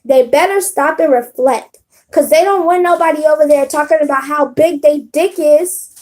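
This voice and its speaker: A woman's voice: high voice, moderate pace, darkish tone. A woman doing a casual live stream on her phone, talking bluntly and with profanity straight to her chat. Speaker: live streamer giving readings.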